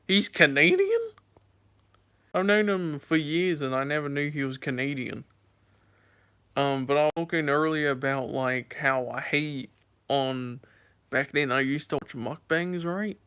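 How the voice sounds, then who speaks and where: A man's voice: moderate pace, fairly bright tone, clear, resonant tone. A young man chatting casually to camera, rambling through stories with lots of fillers. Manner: voice jumps high and squeaky when acting out scares. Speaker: vlogger.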